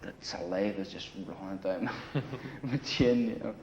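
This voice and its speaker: Recorded on dull, lo-fi 1980 film audio with slight background noise, this interviewee has a low, somewhat mellow voice and a moderate pace. Sitting in a grungy apartment, he casually tells a long, rambling, profane war story full of "you know" and "right."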